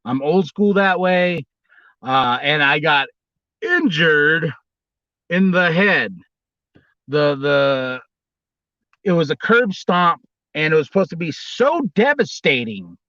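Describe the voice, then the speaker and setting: A man in his thirties hosting a casual livestream as a former wrestler, telling a story with rambling restarts and bursts of high, squealing impressions. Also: lively intonation, slow pace, pauses often, sharp tone, no room sound, highs cut off.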